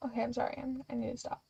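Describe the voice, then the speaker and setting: A woman's voice: fairly high pitch, creaky, warm tone, slightly rough, dull audio. A young woman streamer reading a story game aloud, breaking off into giggly, chatty asides. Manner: giggly, chatty, self-interrupting.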